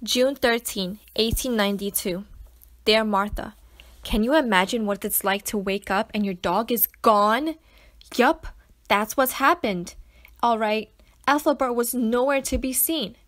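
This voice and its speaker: A woman reading a children's novel aloud to schoolchildren, with an expressive storytelling manner. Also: on the high side, measured pace. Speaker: teacher reading to students.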